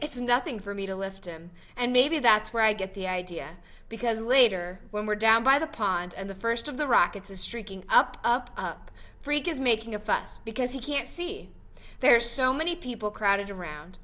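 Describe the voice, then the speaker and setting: A woman reading a novel aloud in an expressive, lively storytelling manner. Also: mid-range voice. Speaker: reader.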